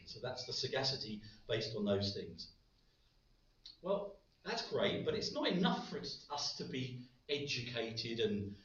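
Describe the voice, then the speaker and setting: Male preacher, light-hearted sermon delivery, heavy reverb, distant dull room sound. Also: lowish voice. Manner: light-hearted, with joking asides. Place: large echoey church hall. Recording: very echoey, distant, dull hall recording.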